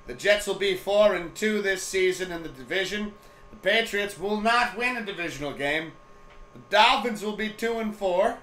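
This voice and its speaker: High bright-voiced joking man. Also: expressive, moderate pace. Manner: joking, profane, chatty. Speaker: sports stream host. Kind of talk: casual live-stream chat. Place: home room. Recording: echoey room.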